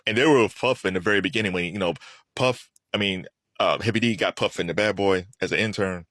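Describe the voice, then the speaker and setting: A man giving casual solo commentary, chatty and animated, laughing often and restarting his sentences. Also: low voice, fast, dry recording, clean studio sound.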